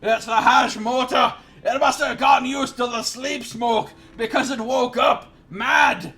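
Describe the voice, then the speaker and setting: A man voicing a terrified young stable hand who shouts in panic. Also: very high-pitched, measured pace, creaky, voice pushed up, exaggerated voice. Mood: panicked.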